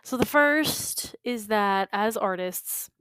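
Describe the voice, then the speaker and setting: A woman's voice: medium pitch, takes it slowly, smooth, dry recording. Chatty woman podcaster telling a story. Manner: animated, chatty, frequent fillers and asides. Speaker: podcast host and beauty business coach. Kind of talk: casual personal storytelling.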